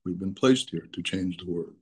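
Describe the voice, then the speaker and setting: Low-voiced man teaching a text. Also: moderate pace, a little mellow, husky. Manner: explanatory, repeats and restates terms, mixes Hebrew terms into English. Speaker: Torah teacher. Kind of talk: daily text lesson.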